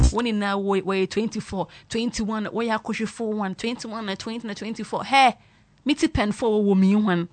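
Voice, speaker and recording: A woman, chatting casually to her viewers in an animated way and mixing in local slang. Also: medium pitch, moderate pace. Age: 20s. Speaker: vlogger commenting on a reality show. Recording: loud music playing behind.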